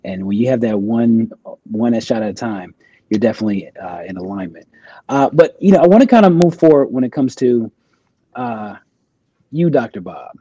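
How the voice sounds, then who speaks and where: A man's voice: medium pitch, expressive, moderate pace, warm tone, husky, no echo, lo-fi sound. A man co-hosting a podcast in casual chat, talking hesitantly with many fillers. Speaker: podcast co-host.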